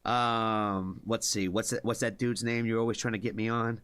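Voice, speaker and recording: Male reaction streamer from the US, slightly low, punchy tone, dry close sound, rambling chatty delivery. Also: level tone, moderate pace, a bit bright, clear, resonant tone, no room sound. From United States. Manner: rambling, filler-heavy, chatty with viewers. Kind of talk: casual live-stream chat.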